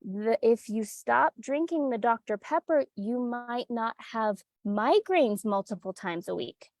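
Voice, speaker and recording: A woman's voice: fairly high pitch, lively intonation, measured pace, a little mellow, no room sound. A woman wellness coach talking candidly and chattily, teasing clients' excuses and acting them out. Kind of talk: casual solo talk.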